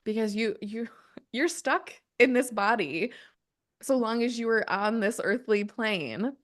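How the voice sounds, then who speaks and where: A woman's voice: a little high, a little slow. A woman talking earnestly as a podcast guest, thinking aloud, going off on tangents and correcting herself. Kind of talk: conversational podcast interview.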